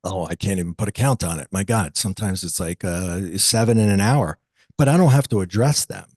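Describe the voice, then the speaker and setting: A man in his late forties, an interview guest, telling a personal story in a lively conversational way and acting out the voices of the people in it. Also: sits low, fairly quick, slightly rough, no room sound. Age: 40s. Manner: animated, acts out quoted dialogue.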